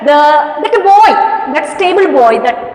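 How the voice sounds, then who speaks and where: Indian lady english teacher, kannada speaker, high voice, repeats stuff a lot, echoey room. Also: very animated, moderate pace, a little mellow, a little hiss or hum. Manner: repetitive, explanatory, emphatic. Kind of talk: classroom story explanation.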